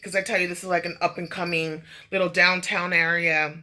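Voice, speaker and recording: Bright, chatty woman vlogger for a casual storytime. Profane, rambling with fillers. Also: fairly low pitch, little pitch movement, a little fast.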